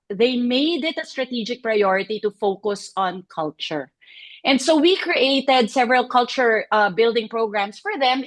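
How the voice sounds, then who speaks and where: Lady presenting on a video call, chatty and excited, lots of "um", a bit high. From Philippines. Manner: chatty and animated, with frequent "um" and laughs. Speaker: senior consultant presenting a case study. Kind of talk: online presentation.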